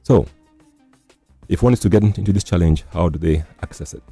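A deep, dark-voiced man hosts a radio health show in a measured, steady way, often summing up what his guest has said. His voice has a slightly husky edge. The studio sound is dry, with faint music underneath. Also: no echo. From Nigeria. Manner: measured, repeats and sums up guest's points. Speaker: radio host.

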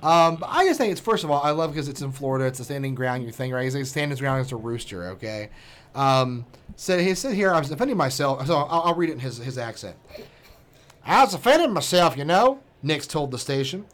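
A man's voice: mid-range voice, animated, quick pace, a bit bright. A man co-hosting a podcast, joking crudely and reading a news story aloud with mocking asides. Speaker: podcast co-host. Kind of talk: casual chat.

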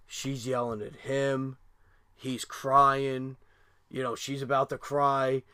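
A man's voice: medium pitch, monotone, takes it slowly, sharp tone, smooth, dry recording, clean studio sound. A middle-aged man telling a family story in casual chat, rambling with lots of fillers and restarts, and swearing freely.

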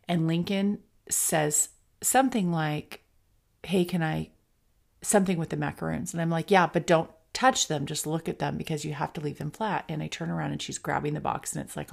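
A woman's voice: sits low, creaky. A middle-aged woman hosting a podcast, telling a personal story in a candid, reflective way with many fillers. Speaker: podcast host.

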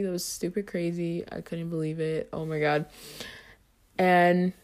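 A woman's voice: lowish voice, darkish tone. A young adult woman hosting a podcast, telling a story in a casual, chatty way with lots of "like" and "um". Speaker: podcast host.

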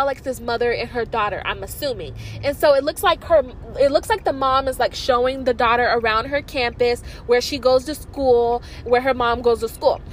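A young woman vlogging casually, telling excitable stories packed with fillers. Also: high voice, slight background noise, poor audio. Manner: chatty, filler-heavy, excitable. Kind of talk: casual vlog storytelling.

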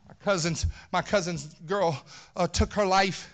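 In the sanctuary of a church, a pastor with a high, unhurried voice preaches, conversational but emphatic, repeating words again and again to build his argument.

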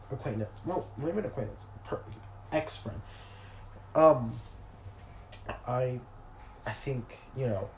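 Nasal, sick young man with a mellow voice. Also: mid-range voice, reverberant, a little hiss or hum, low-quality recording. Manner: rambling, filler-heavy, self-interrupting. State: sick with a cold. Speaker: podcast host. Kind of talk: casual solo chat. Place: in bed at home.

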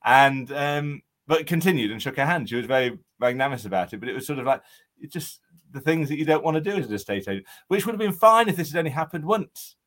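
Male estate agent co-host, chatty and self-mocking, average pitch. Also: lively intonation, fast, fairly bright tone. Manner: jovial, self-deprecating storyteller with filler ums. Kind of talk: casual podcast chat.

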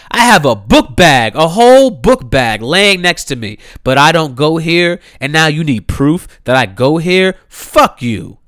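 A man's voice: a little high, very animated, a little slow, a bit bright, smooth, dry recording, studio quality. A man, delivering a heated, incredulous rant, swearing freely and repeating himself. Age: 30s. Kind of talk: impassioned rant to camera.

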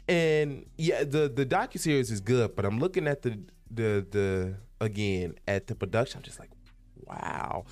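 A young man talking casually to his viewers as a YouTube host, rambling and animated, with lots of fillers and restarts. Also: lowish voice. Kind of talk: casual vlog monologue.

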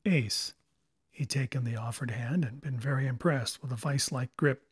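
A man narrating a novel as an audiobook in a steady storytelling manner, recorded on a close microphone. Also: medium pitch, brisk, husky, no echo.

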